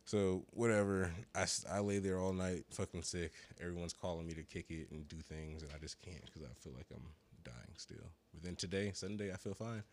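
Deep-voiced man rambling, high. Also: steady tone, normal speed, few pauses, a little hiss or hum. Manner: rambling storytelling, profane, slangy. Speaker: podcast co-host. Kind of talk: casual chat.

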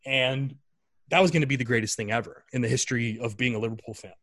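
A man telling a story in a casual chat, animated and full of fillers. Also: medium pitch, quick pace. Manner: animated, chatty, many fillers.

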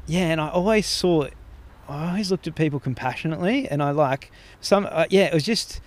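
A man with an Australian accent tells long, winding stories in a casual podcast chat. His voice sits a little higher than most men's. He swears often and rarely finishes a sentence before starting the next. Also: expressive, fairly quick. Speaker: podcast guest.

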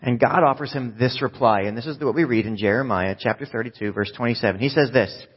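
A man's voice: mid-range voice, fast talker, slightly rough. A male pastor preaching a sermon in a casual, conversational, self-deprecating way. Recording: dull echoey hall sound.

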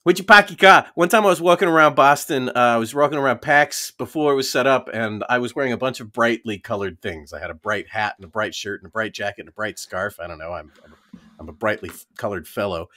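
A man's voice: fairly low pitch, quick pace. A man who is a guest on a podcast and works as a voice actor, telling anecdotes in a playful, casual way. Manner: lively, playful anecdote teller. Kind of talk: casual storytelling chat.

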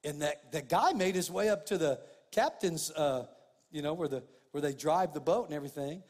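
Male pastor, higher register, fervent and repetitive preaching, big reverberant hall. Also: lively intonation, moderate pace, darkish tone. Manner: fervent, rising in pitch and volume when stressing points; repeats and restarts phrases, addresses listeners as "man, guys". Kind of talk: sermon.

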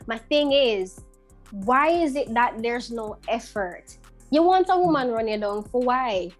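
A woman's voice: fairly high pitch, animated, measured pace, soft background music. A woman co-hosting a podcast, talking emphatically and bluntly in casual chat, mixing in patois. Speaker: podcast co-host.

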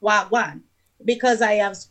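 A woman's voice: medium pitch, fairly even intonation, a little slow, fairly bright tone. Jamaican woman explaining her dialect. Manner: explanatory, patient, sing-song rhythm. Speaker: guest. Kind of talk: casual language chat.

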